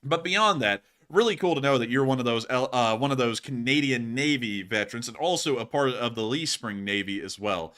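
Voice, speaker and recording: A man's voice: fairly quick, few pauses. A young man hosting a live stream, chatting casually and thanking viewers for donations. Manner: excitable, laughs and breaks into high yelps. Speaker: host.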